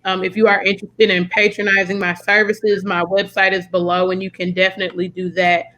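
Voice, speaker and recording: A young American woman hosts a casual podcast chat, friendly and chatty with plenty of fillers. Her medium-pitched voice is fairly bright, level in tone and a little fast, though the audio is poor.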